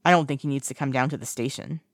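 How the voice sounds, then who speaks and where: A reader doing a gruff, blunt young man. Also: mid-range voice, steady tone, quick pace, no echo, studio quality, natural voice. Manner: grumbling, blunt.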